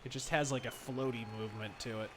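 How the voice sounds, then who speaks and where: A man streaming a baseball game, talking sarcastically and swearing, with sudden shouts. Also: mid-range voice, fairly even intonation, fast, slight background noise. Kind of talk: profane live gameplay commentary.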